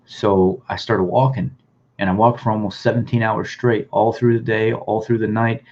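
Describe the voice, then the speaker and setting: A man telling his own life story in a halting, plain-spoken way, often repeating words as he goes. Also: lowish voice, little pitch movement, a little mellow, slight background noise. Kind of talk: personal storytelling, reading news clippings aloud. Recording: dull, lo-fi sound.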